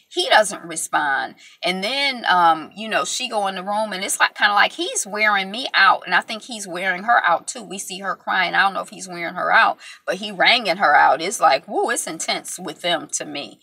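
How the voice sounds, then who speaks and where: Woman vlogger recapping tv, bright slightly gravelly voice, lots of ums, dry close mic. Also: medium pitch, expressive, normal speed, few pauses, dry recording. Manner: chatty, lots of ums and you-knows, playful sign-off. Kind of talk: casual reality-TV recap.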